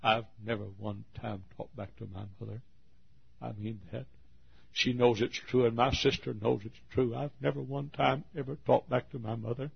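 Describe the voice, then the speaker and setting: A man in his fifties from Texas preaching a sermon, telling a long personal story in an earnest, drawn-out way. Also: medium pitch, steady tone, creaky, husky. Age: 50s. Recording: dull lo-fi sermon recording.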